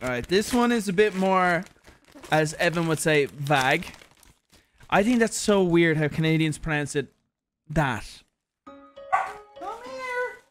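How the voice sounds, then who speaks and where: A young man, chatting casually on a livestream as he opens viewer parcels, animated and swearing freely as he reads letters aloud. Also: on the high side, a little slow, pauses often, music in the background. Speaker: streamer host. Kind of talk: casual livestream unboxing chat.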